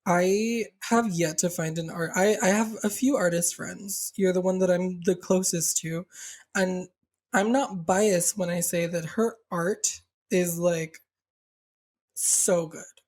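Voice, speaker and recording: A young man with a South Texas accent, co-hosting a casual podcast chat, talking freely with lots of "like" fillers and quick restarts. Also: high voice, fairly even intonation, darkish tone. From Rio Grande Valley, South Texas. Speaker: podcast co-host, drag performer.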